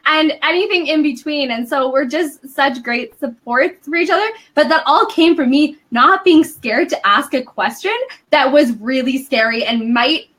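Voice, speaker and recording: A woman guest in a casual podcast chat, telling stories in a chatty, animated way with lots of "like". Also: high-pitched, moderate pace. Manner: chatty, animated storytelling with frequent "like" and laughs.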